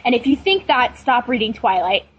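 A woman's voice: on the high side, very animated, moderate pace, slightly rough, dull audio. A woman co-hosting a casual fan podcast, opinionated and self-deprecating. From United States. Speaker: podcast co-host.

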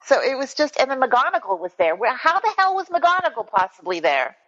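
A high-pitched woman co-hosting a casual chat podcast, candid and rambling as she restarts her sentences. The audio is dull and lo-fi. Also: very animated, a little fast, fairly bright tone. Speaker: podcast co-host.

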